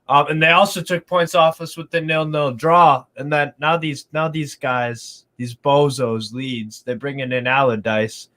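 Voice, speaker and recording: A man talking casually about football as a fan on a panel, animated and repeating words as he goes. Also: fairly high pitch, a little slow, hardly any pauses.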